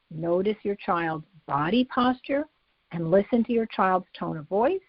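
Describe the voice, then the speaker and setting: Woman, psychologist, step-by-step instructional talk, slightly husky, lo-fi recording. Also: mid-range voice, dry recording. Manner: methodical, walks through numbered steps. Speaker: psychologist explaining a method to parents.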